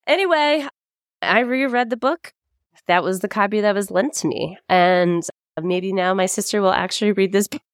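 A woman's voice: mid-range voice, normal speed, dry recording, studio quality. A woman co-hosting a podcast, telling a story in a casual chat, laughing often and swearing freely. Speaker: podcast co-host.

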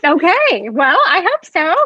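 A woman's voice: very high-pitched, huge pitch swings, a little slow, pushed and bright, dry recording, muffled recording. A woman guest on a chat show, recommending children's books with enthusiasm. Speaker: guest, board book author. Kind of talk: casual chat, book recommendations.

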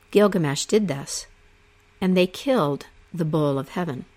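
A woman narrating an ancient myth aloud in a slow, expressive storytelling manner. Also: lowish voice.

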